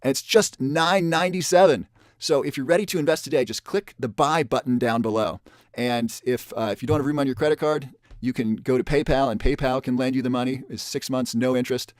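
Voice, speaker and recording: A man hosts an online webinar and pushes the sale of a course. His voice sits at a middle pitch. He keeps repeating the price and how many spots are left, and the sound is dry and close. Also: fairly quick, no room sound. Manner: pushy salesman tone, repeats offers and counts down spots. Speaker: webinar presenter.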